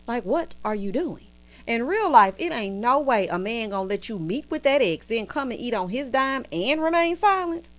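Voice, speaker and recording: A sassy woman in her thirties chats through a TV recap, her voice swooping up and down with animated flair. She sits a little high in pitch and keeps dropping playful asides to her viewers. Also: moderate pace. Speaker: TV recap vlogger. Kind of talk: casual chatty review.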